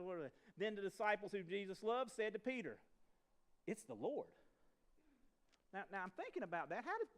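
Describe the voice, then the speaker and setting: High, lively-voiced pastor preaching fast. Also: male voice. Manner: animated, talks fast, asks the congregation questions; acts out quoted voices in a folksy way. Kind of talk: lively sermon. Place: church sanctuary.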